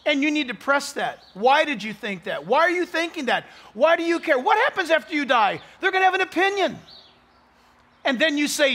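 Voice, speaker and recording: A male pastor preaching an outdoor sunrise sermon into a stage microphone, animated, joking with the crowd and acting out the voices he quotes. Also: very high voice, moderate pace. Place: outdoors at dawn, cold.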